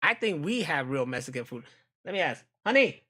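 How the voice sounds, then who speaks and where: A man hosting a live stream, chatting casually with viewers in a joking, profane, animated way. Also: on the high side, brisk, slightly rough. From United States.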